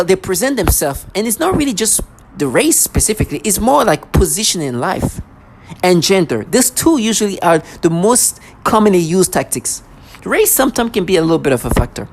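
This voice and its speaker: A woman's voice: lowish voice, a little mellow. Woman vlogger, heated rant to camera, sarcastic asides, lots of stumbles and restarts. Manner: agitated, repetitive, stumbling restarts. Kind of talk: ranting monologue to camera.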